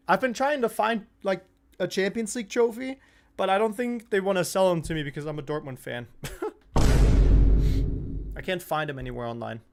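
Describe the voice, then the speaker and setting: A young man hosting a live football watch-along stream, chatting casually, swearing freely and getting worked up over the play. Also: high voice. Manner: excitable, swears freely, shouts and laughs at goals.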